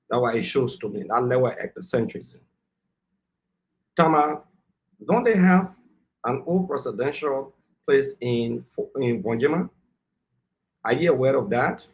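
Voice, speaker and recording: A man, arguing heatedly as a panelist on a political talk show and lecturing the people who cut in. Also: medium pitch. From Liberia. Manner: combative, lecturing, talks over interruptions.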